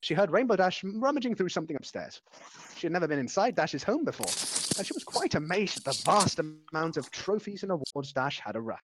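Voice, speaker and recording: A man's voice: high-pitched, big pitch swings, a little fast, background noise. A man reading a story aloud in a casual, unpolished way, stumbling over words and restarting them as he goes. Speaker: amateur reader.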